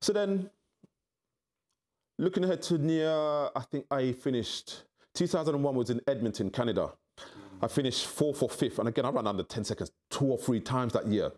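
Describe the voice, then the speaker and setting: Animated man telling his story. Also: moderate pace. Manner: animated, acts out quoted voices with big pitch jumps. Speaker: interview guest. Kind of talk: candid storytelling.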